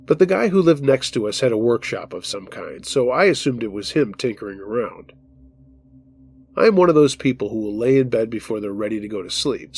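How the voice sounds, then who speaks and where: A man hosting a horror podcast, reading a listener's true scary story aloud in the first person with steady, measured narration. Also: medium pitch. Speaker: storytelling host.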